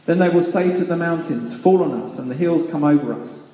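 A man's voice: fairly high pitch, a little fast, warm tone, close to an everyday voice. A man reading aloud the words of Jesus as a solemn, grave speaker, in an echoey hall.

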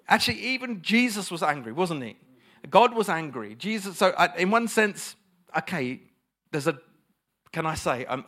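Guy preaching a sermon, kinda high voice, punchy and emphatic, keeps asking the room questions. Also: sharp tone. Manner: emphatic, asks the congregation rhetorical questions.

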